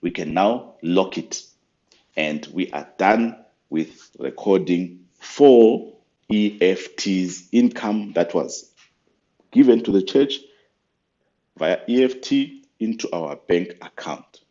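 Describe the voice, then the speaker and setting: A man patiently walking through church finance software step by step, with frequent fillers, in a screen-recorded tutorial. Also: deep voice, animated, slow, highs cut off.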